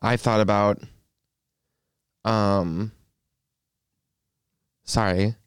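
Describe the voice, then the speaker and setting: A man's voice: fairly low pitch, fairly even intonation, drawn-out words, clear, resonant tone, dry recording. A young man co-hosting a podcast, telling rambling, self-mocking stories in a casual chat. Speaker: podcast co-host.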